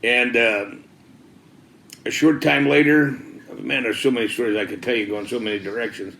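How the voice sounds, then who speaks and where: A man's voice: medium pitch, steady tone, moderate pace, gravelly, fairly bright tone, a little hiss or hum. Slangy man telling his testimony, roomy echo. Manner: casual, slangy, peppered with "dude" and "man". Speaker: former biker giving a church testimony. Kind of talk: personal testimony storytelling.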